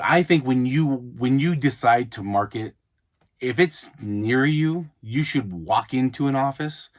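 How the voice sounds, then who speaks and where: Guy chatting through business tips, easygoing, lots of restarts and repeats. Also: mid-range voice. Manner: conversational, frequent restarts and repeated words. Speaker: podcast host, mobile notary. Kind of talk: casual advice podcast. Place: Utah, United States.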